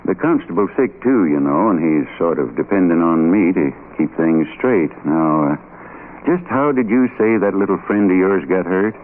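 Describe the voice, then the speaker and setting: An actor playing a blunt, suspicious old country doctor in a 1930s radio play, heard through a tinny, hissy old broadcast. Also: male voice, sits low, expressive, moderate pace. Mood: gruff doubting. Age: older. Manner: blunt, doubting questioner.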